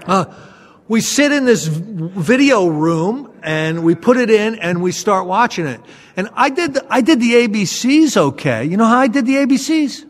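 High-voiced man telling a story in a hall. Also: moderate pace. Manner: self-mocking, animated storyteller. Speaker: speaker sharing a recovery story. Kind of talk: storytelling talk to an audience. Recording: long hall reverb.

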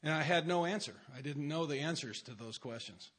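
Man with a slightly high voice, speaker at a recovery meeting, wry and self-mocking storyteller. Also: a little fast, fairly bright tone. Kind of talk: humorous personal story to a meeting.

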